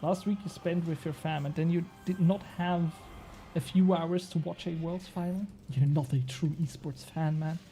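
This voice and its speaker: A man's voice: fairly high pitch, fairly even intonation, moderate pace, warm tone, soft background music. A young man streaming a game, chatting casually and bantering with his chat, swearing now and then.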